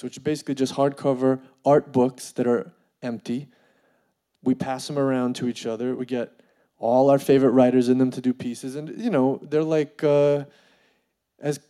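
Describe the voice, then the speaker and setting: A man telling a funny personal story in an animated way, full of fillers and laughing as he goes. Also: medium pitch. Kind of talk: comedic storytelling.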